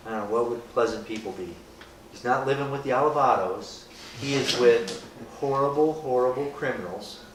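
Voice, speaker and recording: A man's voice: medium pitch, a bit bright. A man giving an informal, joking Bible talk to a group, often asking "right?" and acting out people's reactions. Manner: conversational, asks rhetorical questions, often adds "right?"; jokey, acts out people's reactions. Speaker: speaker leading a group. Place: echoey room with a group. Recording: roomy, distant, faint hiss.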